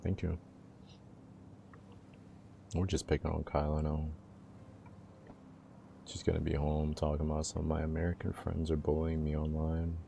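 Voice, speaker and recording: A man's voice: rumbling low, completely flat delivery, moderate pace, creaky, pauses often, dark tone, a little hiss or hum. A young man livestreaming, joking and teasing his viewers in laid-back, casual chat, often laughing.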